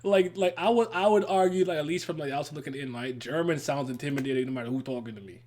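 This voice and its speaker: A man's voice: on the high side, fast, a little mellow, slight background noise. A man co-hosting a podcast in casual chat, rambling and easygoing.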